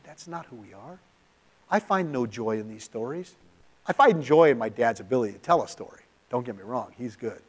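A middle-aged man from California preaching in a church, telling a personal story in an emotional, confessional way, often dropping to a near-hush. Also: mid-range voice. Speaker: pastor. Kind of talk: sermon storytelling.

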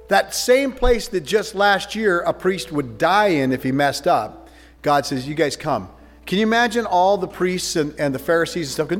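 A man preaching a conversational communion sermon, telling the story with animated asides. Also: on the high side, moderate pace. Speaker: pastor. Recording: reverberant hall with faint music.

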